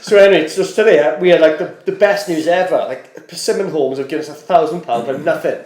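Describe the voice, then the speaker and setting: A man's voice: on the high side, fast talker. A man, a podcast guest telling a long story in casual chat, rambling and restarting with lots of "I said". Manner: rambling, animated, stacks up "I said" and restarts. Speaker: podcast guest, charity co-founder. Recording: roomy echo.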